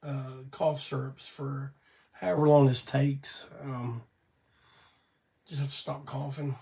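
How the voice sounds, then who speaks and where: A man's voice: mid-range voice, level tone, takes it slowly, vocal fry, mellow, far from the mic. An older man, his voice weak from illness, telling a rambling, folksy story as host of a live show. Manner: rambling, folksy, swears casually. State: weak voice from illness and cough syrup. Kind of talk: casual storytelling on a livestream.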